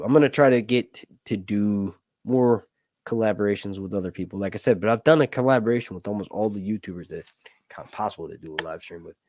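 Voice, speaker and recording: A man's voice: on the low side, darkish tone, dry recording, studio quality. A man hosting a casual live stream, rambling and self-deprecating as he thinks aloud. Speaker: channel host.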